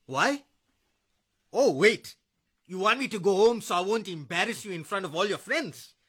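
An actor playing a drunk, abusive ex-husband who is a bullying cop, slurring and taunting. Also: male voice, high voice, lively intonation, moderate pace, a bit bright, slightly rough, exaggerated voice.

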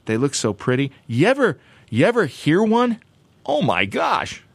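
A man hosting a show segment, joking playfully and talking in a loose, animated way with many restarts and asides. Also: a little high, unhurried, gravelly, breathy edge, dry recording. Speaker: show host.

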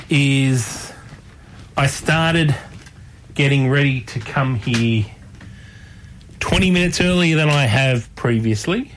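A man's voice: medium pitch, a little hiss or hum. A man hosting a radio show, chatting casually and rambling with plenty of fillers and restarts.

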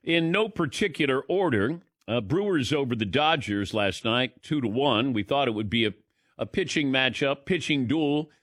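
Give me a man hosting sports radio, brisk and wry, with a dry, close sound. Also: mid-range voice, expressive, fairly bright tone, dry recording. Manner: brisk rundown, wry asides. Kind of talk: sports talk show rundown.

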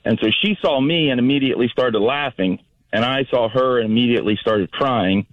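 A man's voice: mid-range voice, a little fast, no room sound. A middle-aged man from Florida calling in to a radio show, telling a story in an easygoing way. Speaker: caller. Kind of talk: call-in radio chat. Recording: muffled phone line.

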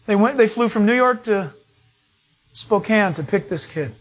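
A male pastor delivering a sermon with a high-pitched voice. He tells stories in an animated way and slips into the voices of the people he describes. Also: moderate pace. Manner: storytelling, animated, acts out voices of people he quotes.

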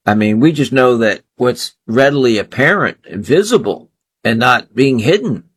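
A man's voice: mid-range voice, expressive, normal speed, husky. A man hosting a solo political commentary show, talking in an indignant, scornful way and piling up phrase after phrase.

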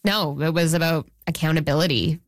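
A woman's voice: sits low, fairly even intonation, brisk, dry recording, studio quality. A woman journalist being interviewed, talking casually with frequent restarts and quoted speech. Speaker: journalist guest. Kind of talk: interview conversation.

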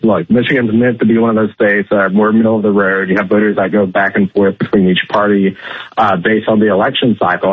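Male phone-in commentator, husky voice, tinny dry phone line, measured and filler-heavy. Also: fairly low pitch, dry recording. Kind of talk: talk radio phone interview. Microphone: telephone.

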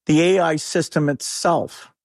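A man's voice: on the high side, fairly even intonation, a little slow, dry recording. Urgent, emphatic man in dry sound. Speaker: guest. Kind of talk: interview conversation.

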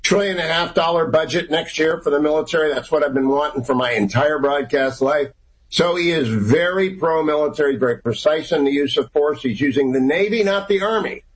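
A man's voice: fairly high pitch, poor audio. Emphatic middle-aged man on talk radio. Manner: emphatic, rapid-fire opinionated delivery. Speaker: radio talk show host as guest. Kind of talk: political talk radio discussion.

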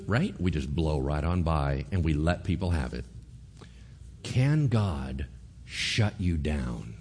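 A man's voice: very deep voice, lively intonation, slow, a little mellow, slightly rough. A man preaching a sermon, telling a story with acted-out voices and firing off rhetorical questions. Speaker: pastor.

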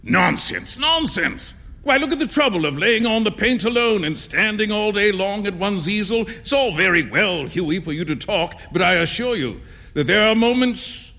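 A flamboyant, self-assured painter holds forth in a storybook reading, put on by a man. His voice rides higher than usual and swoops with lively, emphatic exclamations. He sounds theatrical and boisterous. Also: creaky, long reverb tail, full character voice. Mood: scolding.

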